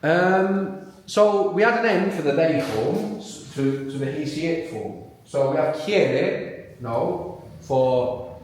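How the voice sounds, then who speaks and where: With a voice on the high side, expressive and darkish, this man speaks at a slow pace while teaching a language workshop at a big live venue, asking patient questions and walking learners through each step. The hall echoes heavily, with a little hiss or hum.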